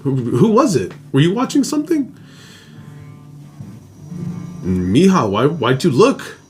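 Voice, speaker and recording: A man voicing a stern, protective mother who firmly hushes her frightened daughter. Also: a little high, wildly swooping pitch, normal speed, faint music behind, pitched above the performer's own voice. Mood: firm, hushing. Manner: firm, hushed instructions.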